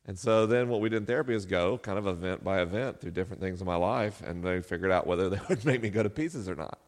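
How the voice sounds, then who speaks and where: This middle-aged man speaks fast in a low-sitting voice, telling a live audience a personal story as a podcast host. Self-deprecating and laughing often, he's recorded in a live hall with long reverb.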